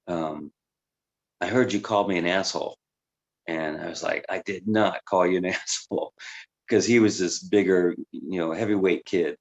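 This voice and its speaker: A man's voice: low-pitched, darkish tone, highs cut off. A man, a life coach, reflectively telling his own life story in a conversational way. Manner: reflective and conversational, with many fillers. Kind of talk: candid personal storytelling.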